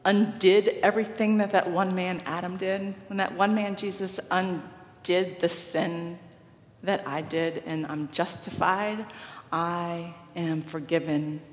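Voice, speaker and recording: A woman pastor preaching a sermon, telling a personal story in a lively way and laughing often. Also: on the low side. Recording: echoey hall with long reverb.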